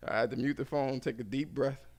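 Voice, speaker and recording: A man hosting a podcast, telling a lively and profane story in casual chat. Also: medium pitch, brisk. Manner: profane, animated, acts out the people in his stories. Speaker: podcast host.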